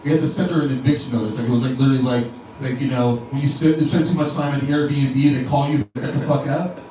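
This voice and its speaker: With a warm, mid-range voice, fairly even intonation, and a quick pace, a man performs a rambling, profane stand-up set, often interrupting himself and restarting sentences. Slight background noise and crowd ambience accompany the echoey comedy-club sound from a distant mic.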